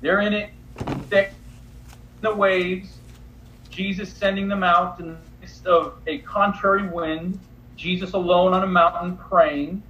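A man's voice: high voice, steady tone, measured pace, fairly bright tone. A man leading a Bible study, reading scripture aloud and then explaining it in a conversational way. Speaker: Bible teacher. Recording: roomy, slightly dull recording with faint background noise.

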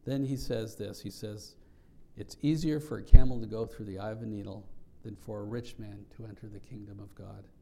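A man's voice: fairly low pitch, fairly even intonation, normal speed, vocal fry, hardly any pauses, mellow. A man pastor preaching a sermon, earnest and reflective, explaining scripture with frequent restarts.

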